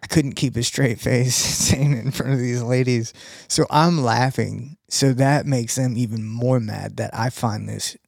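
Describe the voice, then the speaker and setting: A man co-hosting a casual podcast with a gravelly, fry-edged voice. He rambles through a story, stopping for fillers and laughing along. The sound is dry and close. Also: mid-range voice, fairly even intonation, a little slow, hardly any pauses, a little mellow, no room sound. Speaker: podcast co-host. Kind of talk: casual chat.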